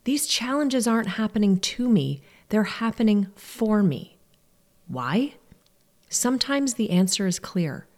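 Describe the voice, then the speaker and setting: A woman's voice: medium pitch, big pitch swings, measured pace, a little mellow. A woman hosting a podcast, speaking in an earnest, reflective and encouraging way in a scripted monologue. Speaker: podcast host.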